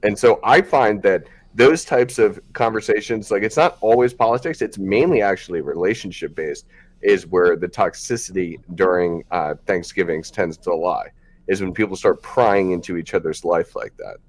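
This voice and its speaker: A man's voice: low-pitched, moderate pace. A man hosting a podcast, talking frankly in a loose, rambling way with many fillers. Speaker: podcast host. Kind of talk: casual podcast chat.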